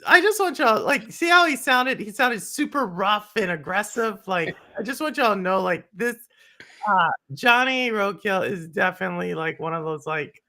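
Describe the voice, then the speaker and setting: Bright, lively woman host. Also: mid-range voice, normal speed. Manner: expressive, teasing, laughs along. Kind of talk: casual interview chat.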